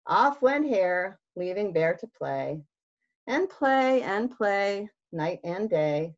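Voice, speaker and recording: A woman children's librarian reading a picture book aloud to young children, expressive and sing-song, with gasps and questions to the kids. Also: mid-range voice, takes it slowly, muffled recording.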